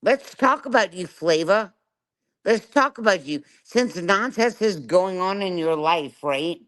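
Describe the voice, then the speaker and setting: Middle-aged woman streamer, clear voice, furious and foul-mouthed, hammers every point with "right?". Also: lowish voice, animated, unhurried. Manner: profane, confrontational, keeps asking "right?". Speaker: livestreamer. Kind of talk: angry live-stream rant.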